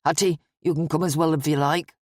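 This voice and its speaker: Woman doing a tired middle-aged dad, wry and calm, low voice. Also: a little fast, no room sound, clean studio sound.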